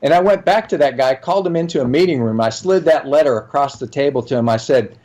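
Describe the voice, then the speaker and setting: A man's voice: medium pitch, quick pace, hardly any pauses, darkish tone. A middle-aged man, a leadership trainer, speaking as an interview guest and telling a workplace story with quoted dialogue. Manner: earnest, tells anecdotes with acted dialogue. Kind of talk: conversational storytelling.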